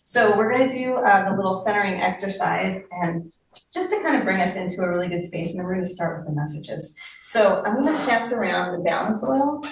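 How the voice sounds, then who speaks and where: A woman leads a live mediumship session, her voice gentle and tentative as she checks in with the people around her. She is picked up from across a very echoey room, sounding distant. A faint hiss sits under the recording. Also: medium pitch, animated, a little fast. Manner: gentle, tentative, often trailing off and checking with listeners. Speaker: medium leading a group session. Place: community gathering room.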